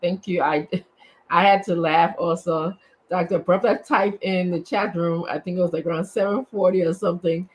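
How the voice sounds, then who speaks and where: A woman on a talk show, chatting in a lively way, laughing and thanking people. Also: fairly low pitch, moderate pace, rough recording. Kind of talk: casual talk show chat.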